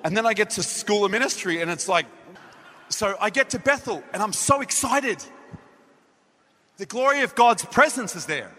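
An Australian man preaches to a gathering, his voice bright and a little high for a man. He tells his story with animation and acts out what he said back then. A long reverb from the hall follows every phrase. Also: moderate pace, long pauses. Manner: animated storytelling, acting out his own dialogue. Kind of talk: sermon. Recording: echoey hall.

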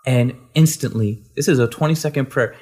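A man, a guest, telling a faith testimony in an animated, storytelling way, repeating words and acting out the people he quotes. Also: medium pitch, fairly quick.

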